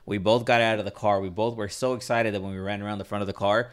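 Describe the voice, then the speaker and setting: A young man hosting a podcast, chatting casually with relaxed, dry humor. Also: lowish voice, fast talker, clear, resonant tone. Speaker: podcast host. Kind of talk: casual chat.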